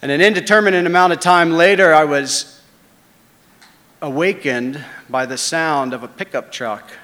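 A man telling a first-person story, swinging between hushed asides and loud dramatic beats. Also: on the high side, moderate pace, big-room sound.

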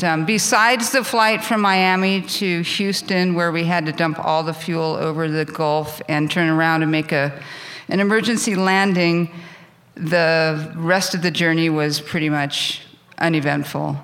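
A woman's voice: on the low side, a bit bright. A middle-aged woman from California telling a candid personal story on stage, self-mocking and laughing at herself.

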